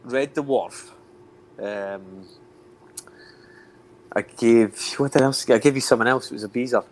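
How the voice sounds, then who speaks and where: A man's voice: medium pitch, slow. A man with a Dundee Scottish accent, co-hosting a podcast in playful, teasing banter. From Dundee, Scotland. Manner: teasing, playful, laughs often. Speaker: podcast co-host. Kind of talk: casual banter.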